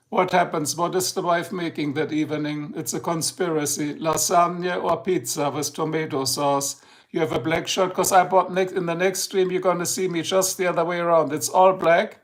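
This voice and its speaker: German-accented man chatting on a livestream. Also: sits high. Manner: rambling, joking, addresses chat by name. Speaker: livestream host. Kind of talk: casual livestream chat to viewers.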